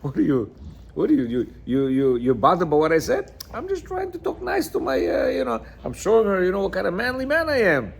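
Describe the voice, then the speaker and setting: A man's voice: sits high, wildly swooping pitch, a little fast, gravelly, husky, exaggerated voice. A man voicing a boastful male rooster showing off to a hen in a told story. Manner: swaggering, showing off.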